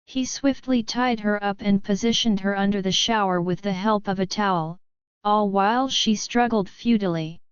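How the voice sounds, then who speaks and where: A woman narrating a romance drama story in an even, measured reading. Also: mid-range voice, clean tone, no room sound, lo-fi sound.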